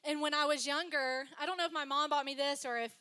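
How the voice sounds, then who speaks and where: A young woman pastor preaches from a church stage into a microphone. Her voice sits high and rings bright. She talks in a chatty, personal way, telling stories and tossing in asides to the congregation. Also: fairly even intonation, fast talker. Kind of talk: sermon.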